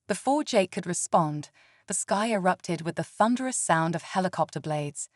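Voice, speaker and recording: A woman narrating a science fiction audiobook story in an even, steady way. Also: lowish voice, normal speed, dry recording, clean studio sound.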